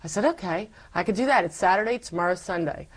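A woman as an interview guest, giving a personal faith testimony as a lively storyteller who acts out her past self. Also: fairly low pitch, fast talker, low-quality recording.

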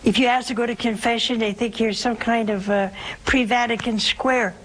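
A woman hosting a call-in show as a religious sister, giving emphatic spiritual advice with wide swings in pitch. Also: steady tone, normal speed, low-quality recording.

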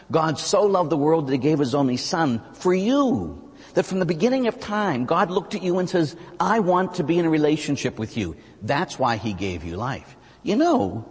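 Animated American priest preaching in a reverberant hall. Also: male voice, slightly rough. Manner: animated, rises high on emphatic phrases then drops low and quiet. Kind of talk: sermon.

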